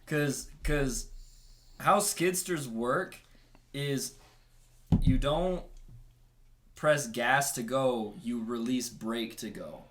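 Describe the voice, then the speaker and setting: A man's voice: mid-range voice, extremely slow, long pauses, a bit bright, slight background noise. A man chatting as a podcast guest, rambling through a story and laughing often. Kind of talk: casual podcast chat.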